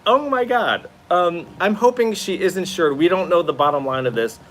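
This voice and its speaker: A man's voice: a little high, lively intonation, brisk, slight background noise. A tired man hosting a casual live stream from his new apartment, chatting expressively and answering viewer comments. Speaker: livestream host.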